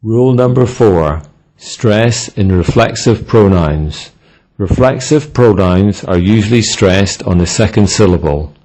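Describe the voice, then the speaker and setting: A man narrating a scripted pronunciation lesson, reading example words one by one in a measured way. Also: on the low side, lively intonation, dark tone. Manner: measured, reads word lists one by one. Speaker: English pronunciation instructor.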